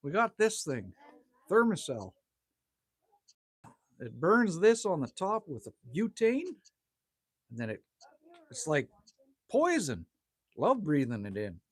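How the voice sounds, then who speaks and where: A laid-back man chats with viewers on a livestream from outside his cabin in the evening. His voice is husky, and his pitch swings a lot as he talks. The sound is dry and close, with little room echo. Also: wildly swooping pitch, slow, pauses often. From Manitoba, Canada. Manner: laid-back and chatty, teases himself, swears lightly, says "man" often. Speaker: livestream host. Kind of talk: casual livestream chat reading viewer comments.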